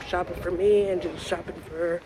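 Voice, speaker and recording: A woman's voice: fairly low pitch, fairly even intonation, normal speed, background noise. A young woman from the United States chatting casually into her phone while walking and shopping outdoors, rambling with lots of fillers. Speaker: vlogger. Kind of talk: casual travel vlog. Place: outdoors on city streets and markets. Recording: music playing underneath.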